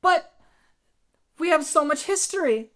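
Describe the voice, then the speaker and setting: A woman's voice: sits high, expressive, a little slow, fairly bright tone. A woman improvising a naive, lovesick young woman who is a gangster's sweetheart, in an audio comedy. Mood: dreamy. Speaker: improv performer.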